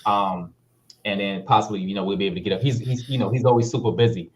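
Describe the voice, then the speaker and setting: A man, a guest actor telling stories in a casual interview, relaxed and full of fillers. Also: lowish voice, fast, rough recording. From Harlem, New York. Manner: laid-back, full of fillers, lively when retelling.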